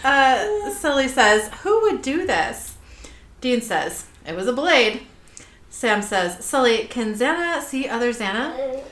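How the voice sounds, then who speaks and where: A woman's voice: on the high side, slow, roomy sound. A woman co-hosting a casual podcast, recapping a show with lots of laughter and squealed character lines. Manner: giggly, animated, does squealing character voices. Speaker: podcast co-host recapping a TV episode. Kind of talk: casual chat, acting out scene dialogue.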